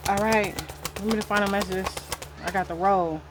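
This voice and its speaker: A woman's voice: mid-range voice, fairly even intonation, normal speed, background noise. A woman giving a casual spiritual card reading to her viewers indoors, talking in a rambling, loose way and swearing now and then. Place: indoor room.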